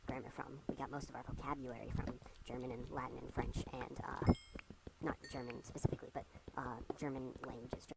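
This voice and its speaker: Sleep-deprived woman, very low creaky voice. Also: little pitch movement, brisk, heavy background noise. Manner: rambling, talks to herself, restless. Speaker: gamer. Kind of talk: casual gameplay commentary.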